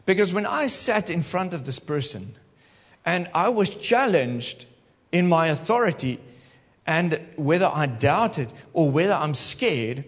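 A male pastor preaching a sermon in an animated way, talking straight to his congregation in church. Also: a little high, big-room sound.

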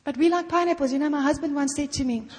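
Middle-aged lady preaching, chatty, lots of "you know", fairly high voice, big hall echo. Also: fast talker. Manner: conversational, peppered with "you know", acts out little prayers. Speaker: guest preacher. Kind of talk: sermon. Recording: long reverb of a hall.

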